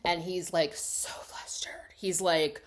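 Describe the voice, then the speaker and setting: A young woman with a fairly low voice talks through a movie plot in a loose, chatty way, peppering everything with "like". She jumps from loud, gushing excitement to quiet, half-whispered asides. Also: slow. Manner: chatty, lots of "like", swings between loud gushing and hushed asides. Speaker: film recap vlogger. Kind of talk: casual spoken film recap.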